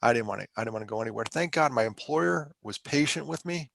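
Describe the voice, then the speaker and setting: A man's voice: mid-range voice, lively intonation, fast, creaky, a bit bright, dry recording. A middle-aged man from Pennsylvania, a podcast guest and mental health speaker, telling his story candidly in a conversational, emotional, self-deprecating way.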